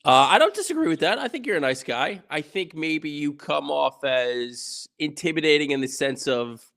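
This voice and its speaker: A man's voice: on the high side, expressive, moderate pace, vocal fry, fairly bright tone. A man in casual podcast chat who talks hesitantly, restarting and searching for words.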